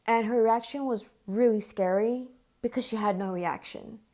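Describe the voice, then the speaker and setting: A young woman vlogger telling a personal story straight to camera, earnest and upset, full of "like" fillers, going hushed when she quotes herself. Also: on the high side, moderate pace. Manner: earnest, distressed retelling with frequent "like" fillers.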